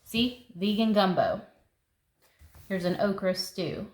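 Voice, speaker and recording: A woman's voice: mid-range voice, animated, slow pace, darkish tone. A woman, chatting enthusiastically as she flips through a seed catalog for her gardening vlog and thinking aloud as she goes. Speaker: gardening vlogger. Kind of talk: casual catalog flip-through. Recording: echoey room with faint noise.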